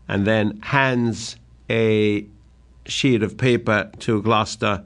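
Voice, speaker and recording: A man giving a literary lecture in a deliberate manner that swells with drama whenever he quotes verse. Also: on the low side, steady tone, fairly bright tone. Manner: deliberate, rising dramatically when quoting verse.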